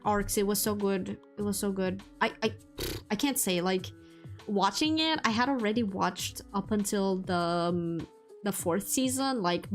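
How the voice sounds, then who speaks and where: A young woman streamer chatting casually with viewers, rambling with lots of fillers and restarts. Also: mid-range voice. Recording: faint music behind.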